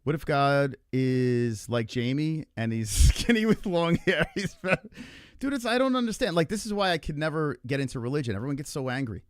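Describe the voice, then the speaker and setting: A man's voice: on the high side, normal speed, no room sound, studio quality. A young man hosting a casual livestream chat, rambling and exasperated, swearing often as he asks why everyone gets so angry. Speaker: podcast host.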